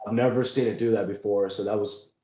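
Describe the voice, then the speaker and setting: Man, fairly low voice, chatty, laughs a lot, echoey room, muffled lo-fi recording. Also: steady tone, fast talker, warm tone. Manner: rambling, laughs often, lots of fillers. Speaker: podcast co-host. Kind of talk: casual chat. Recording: echoey room, dull lo-fi sound.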